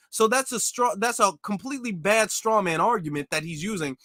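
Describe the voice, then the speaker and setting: A man's voice: high-pitched, animated, a little fast, a bit bright, dry recording, studio quality. A man hosting a commentary show, reacting casually and emphatically, repeating his points. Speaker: commentary channel host.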